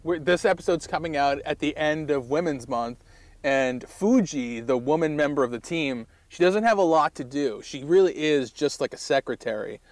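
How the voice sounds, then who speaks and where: A man with a slightly high voice co-hosts a comedy podcast, recorded close and dry with no room sound. He rambles through his points with hesitant fillers and laughs easily. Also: moderate pace, no echo. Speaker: podcast co-host. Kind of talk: casual comedic chat.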